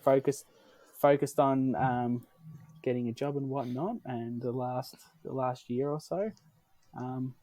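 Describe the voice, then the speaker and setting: A man's voice: mid-range voice, takes it slowly, warm tone, no room sound. A young Australian man co-hosting a podcast, chatting casually in a rambling, hesitant way with many ums. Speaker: podcast co-host. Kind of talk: casual chat.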